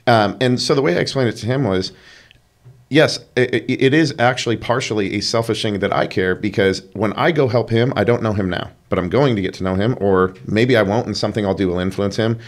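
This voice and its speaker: A man's voice: lowish voice, fairly quick. A man hosting a podcast, talking emphatically in casual conversation and often repeating words. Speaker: podcast host.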